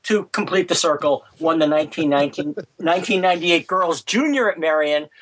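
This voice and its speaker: Halting storytelling man. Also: a little high, fairly bright tone, poor audio. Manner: halting, many fillers and restarts, anecdotal. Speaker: golf historian guest. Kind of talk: podcast conversation, storytelling.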